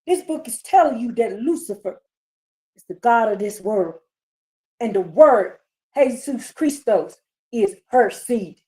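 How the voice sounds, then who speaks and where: High-voiced woman preaching with heated emphasis. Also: lively intonation, a little slow, warm tone. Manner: emphatic, repeats rhetorical questions. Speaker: livestream host. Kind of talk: religious commentary livestream.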